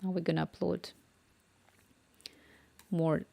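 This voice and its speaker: Slow, low-toned woman streaming from home. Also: little pitch movement, creaky, warm tone. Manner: thinks aloud, murmurs and whispers to herself while working. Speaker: live-streaming developer. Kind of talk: casual livestream chat while coding.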